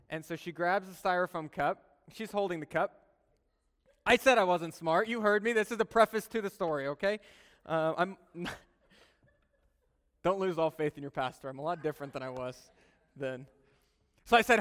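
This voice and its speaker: A male pastor preaching, his voice a touch higher than most and clean and resonant. He tells stories conversationally, dropping soft and earnest, then rising loud and animated. The sound rings with the long reverb of a large hall. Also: normal speed, clear, resonant tone. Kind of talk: sermon.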